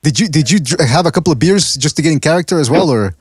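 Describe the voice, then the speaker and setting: A man's voice: on the high side, animated, quick pace, husky, no room sound. Guy hosting a call-in show, jokey and teasing, dry sound. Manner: jokey, teasing, laughs often. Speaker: podcast host.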